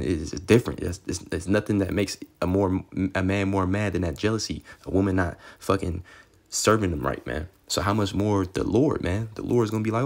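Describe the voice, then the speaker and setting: A man's voice: deep voice, gravelly. A young man giving an informal, rambling Bible teaching, cursing freely and tagging his lines with "man" and "okay". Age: young adult. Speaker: street preacher.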